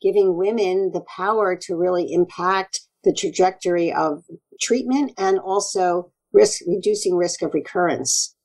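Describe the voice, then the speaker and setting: A woman naturopathic doctor speaks as an interview guest. Her delivery is earnest and animated, and she acts out quoted exchanges as she goes. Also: on the low side, a little slow, low-quality recording. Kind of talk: conversational interview.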